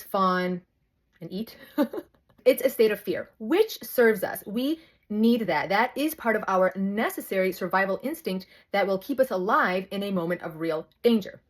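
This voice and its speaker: A woman in her thirties, a bit out of breath, talking chattily into her phone, breaking off and restarting her sentences. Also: medium pitch. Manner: chatty, self-interrupting, animated storytelling. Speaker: host. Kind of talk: casual talk to camera. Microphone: phone held close.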